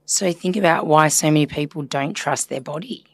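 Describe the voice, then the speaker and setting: A woman's voice: low-pitched, normal speed, no echo. A woman therapist talking earnestly and reflectively in a casual podcast conversation, chatty with filler words. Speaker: systemic therapist guest.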